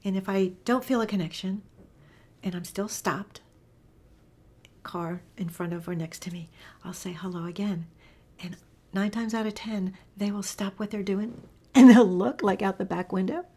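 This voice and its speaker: Soft-spoken woman teacher, often whispering. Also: medium pitch, normal speed, long pauses. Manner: enthusiastic, storytelling. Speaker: animal communication teacher. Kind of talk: casual spoken lesson.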